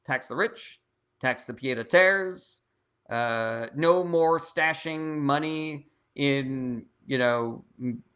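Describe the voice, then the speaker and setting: A man's voice: mid-range voice, takes it slowly, a bit bright, smooth. A man hosting a casual livestream Q&A, answering viewer questions bluntly and swearing often. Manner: blunt, profane, reads viewer comments aloud. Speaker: political livestream host.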